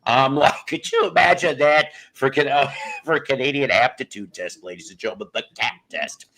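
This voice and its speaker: A man's voice: medium pitch, a little fast, fairly bright tone. A man in his fifties hosting a casual livestream, rambling through jokes and greeting viewers by name as he talks. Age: 50s. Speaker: livestream host.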